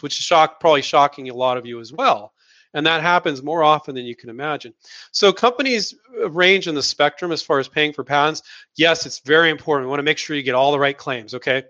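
A man's voice: on the high side, animated, brisk, sharp tone, muffled recording. A man hosting a live question-and-answer session, giving blunt, emphatic advice and repeating words for stress. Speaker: host answering viewer questions.

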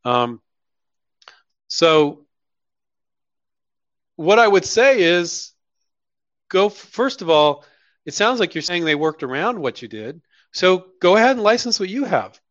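A man's voice: sits high, sing-song, slow, long pauses, a bit bright, no room sound, highs cut off. Blunt, chatty man answering questions. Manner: blunt, mock-quoting others in put-on voices. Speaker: host answering viewer questions. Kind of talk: casual live Q&A.

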